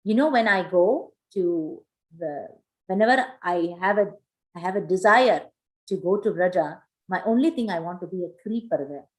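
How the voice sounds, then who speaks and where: A woman's voice: lowish voice, animated, moderate pace, lightly acted, low-quality recording. A woman voicing a humble, tearful male devotee who speaks earnestly.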